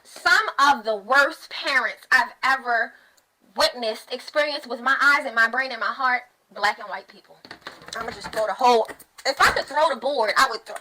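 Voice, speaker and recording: A woman's voice: fairly high pitch, normal speed, noisy background. A woman and mother giving a blunt, profane rant to camera, repeating phrases for emphasis. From United States. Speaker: mother of two, online host. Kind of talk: ranting commentary to camera.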